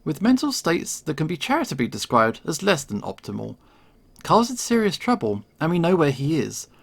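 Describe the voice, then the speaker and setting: A man voicing a calm, stern young woman in a visual novel, curt and measured. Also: on the high side, gravelly, heavily acted.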